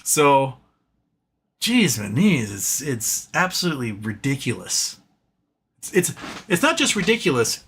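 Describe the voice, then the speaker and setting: A man's voice: mid-range voice, wildly swooping pitch, a little slow, pauses often, a bit bright, slight background noise. A man hosting a political livestream, ranting with exasperated sarcasm, swearing and restarting his sentences. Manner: exasperated, sarcastic, swears, mocks opponents with put-on quotes; fillers and repeated restarts.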